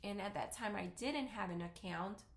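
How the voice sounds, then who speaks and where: A woman's voice: mid-range voice, normal speed. Spanish-accented mom rambling thru her makeup routine, chatty, laughs at herself, echoey room. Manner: chatty, rambling, self-deprecating. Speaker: vlogger. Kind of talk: casual makeup tutorial chat. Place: at home. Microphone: camera mic. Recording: roomy echo.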